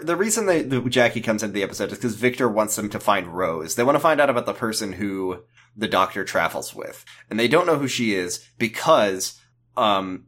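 A man's voice: on the low side, a bit bright. A man co-hosting a podcast, chatting casually about a TV episode with wry, sarcastic jokes. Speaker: podcast co-host.

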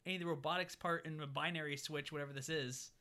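A man talking fast and brightly in a relaxed podcast chat, recapping a film scene by scene. He keeps slipping into quick impressions of the characters as he tells it. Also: on the high side. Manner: animated, acts out characters' lines. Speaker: podcast co-host recapping a movie. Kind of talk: casual chat.

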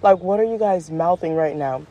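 Speaking at a normal pace, this woman hosts her own podcast in a chatty, energetic solo talk heavy on slang. She laughs as she goes and jumps higher in pitch for emphasis, though the recording sounds muffled.

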